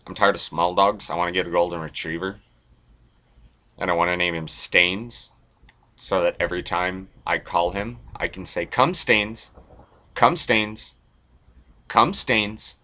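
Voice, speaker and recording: Deep-voiced young man rambling crudely. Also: steady tone, fairly quick, sharp tone. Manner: rambling, crude, self-deprecating. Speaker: vlogger. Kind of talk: casual rambling monologue.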